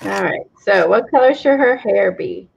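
A woman hosting a crafting video chats loosely as she paints, her thoughts trailing off and restarting. Her voice has a gravelly fry. The camera audio sounds dull and lo-fi. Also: mid-range voice, lively intonation, moderate pace, darkish tone, a little hiss or hum. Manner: rambling, trails off, many restarts. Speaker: craft channel host. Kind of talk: casual chat while painting. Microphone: camera mic from below.

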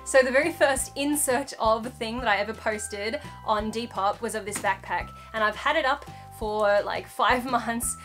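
High-pitched aussie-raised girl squealing over parcels, super bright voice. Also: moderate pace, hardly any pauses, faint music behind. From Australia. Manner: gushing, squealy excitement. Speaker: unboxing vlogger. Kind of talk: excited casual unboxing chat. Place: home room with a dog nearby.

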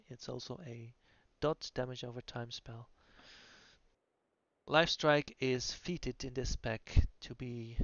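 Over a video game class guide, a man with a medium-pitched voice explains things hesitantly, using many fillers. The audio is dull and lo-fi with faint music and no echo.

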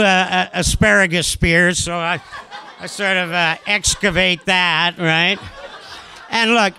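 A man spins a comic personal story, his bright voice swinging high and low. He is animated and self-mocking, padding his lines with asides and fillers. The pitch sits high for a man. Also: clean tone.

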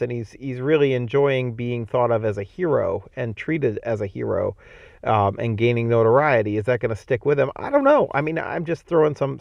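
A man teaching a homeschool literature lecture, reading a novel aloud and thinking out loud about it in a conversational way. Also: mid-range voice, creaky, no room sound, lo-fi sound.

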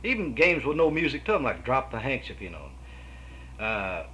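A man's voice: mid-range voice, very animated, moderate pace, sharp tone, a little hiss or hum, poor audio. A man with a Kentucky accent, answering interview questions at his home in a folksy, rambling storytelling way, with frequent restarts. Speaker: guitarist guest.

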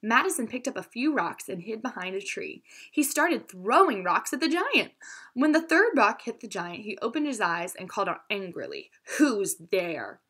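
Expressive woman reading a children's story. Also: on the high side. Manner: expressive, pausing to explain words. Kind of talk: storybook read-aloud for children.

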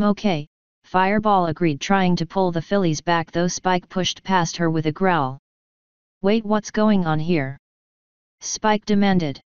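A woman reading a fanfiction story aloud in a steady, even narration. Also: fairly low pitch, smooth, no room sound. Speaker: fanfiction reader. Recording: dull lo-fi recording.

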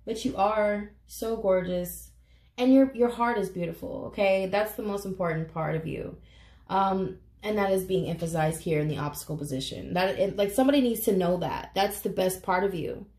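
A woman's voice: mid-range voice, moderate pace, a little mellow. A woman giving a casual tarot reading to camera, earnest and emotional, swearing casually as she talks. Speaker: tarot reader. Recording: echoey room.

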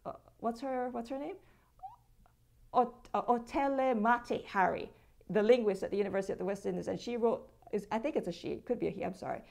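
Jamaican woman, interview guest; gravelly, slightly high voice, emphatic and argumentative. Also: brisk, a little mellow. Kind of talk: conversational interview.

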